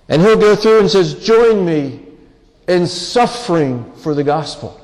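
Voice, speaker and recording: A man preaching a sermon with earnest, pleading emphasis and drawn-out pauses. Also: fairly high pitch, animated, a little mellow. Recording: long hall reverb.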